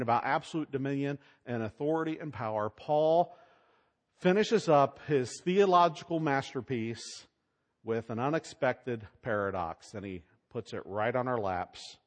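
A man preaching a sermon, swinging between loud, emphatic lines and hushed asides. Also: medium pitch. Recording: long hall reverb.

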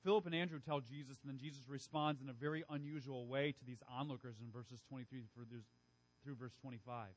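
A man's voice: medium pitch, fairly even intonation, quick pace, low-quality recording. A man preaching a sermon with emphatic, repetitive phrasing. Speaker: pastor.

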